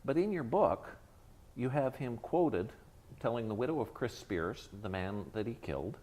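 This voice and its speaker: A man's voice: medium pitch, expressive, normal speed, mellow. A man working as a newspaper editor conducts a sit-down interview and puts challenging, probing questions to his guest.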